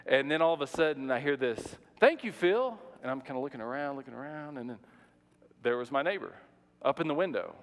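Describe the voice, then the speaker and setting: A man in his thirties, a pastor telling a personal story in a sermon, animated and conversational with frequent restarts and fillers. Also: medium pitch, fast talker. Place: church sanctuary. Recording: long reverb of a large hall.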